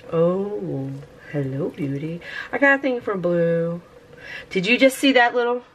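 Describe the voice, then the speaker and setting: A woman's voice: lowish voice, a little hiss or hum. A woman, casually narrating her tie-dye session and gushing over the colors, sometimes dropping to a whisper. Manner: gushing, talks softly to the colors, drops into whispers. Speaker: craft vlogger reviewing tie-dye colors. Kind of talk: casual narration while working.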